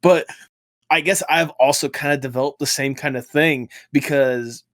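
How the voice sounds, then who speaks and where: A man's voice: medium pitch, fairly even intonation, moderate pace, a bit bright, dry recording, studio quality. A man co-hosting a podcast, telling a story in a rambling way full of fillers during a casual chat. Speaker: podcast co-host.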